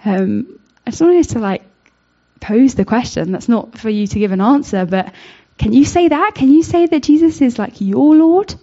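A woman's voice: fairly high pitch, expressive, normal speed, warm tone. Earnest woman, dull lo-fi sound. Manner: earnest, searching, with many fillers and restarts. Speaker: speaker giving a Bible reflection. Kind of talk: informal devotional talk. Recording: dull lo-fi recording.

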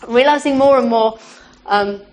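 Woman preaching, slightly high voice, heartfelt, conversational. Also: a little slow, a little mellow. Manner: heartfelt, conversational, with frequent "you know" and restarts. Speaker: church speaker. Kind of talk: informal sermon.

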